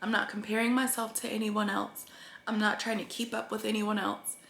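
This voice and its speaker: Bright-voiced woman vlogging in an echoey room. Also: medium pitch, flat delivery, a little fast, slight background noise. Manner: earnest, rambling, tearful at times. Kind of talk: emotional weight-loss vlog.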